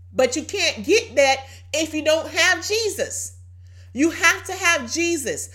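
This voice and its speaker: Brief: high-voiced woman preacher, exhorting, hoarse. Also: a bit bright. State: voice going hoarse. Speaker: podcast preacher. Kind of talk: informal sermon.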